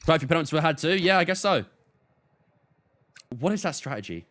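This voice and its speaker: Male game streamer, casual, chatty, lively pitch swings. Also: brisk. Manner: chatty, talks to chat, often laughs off.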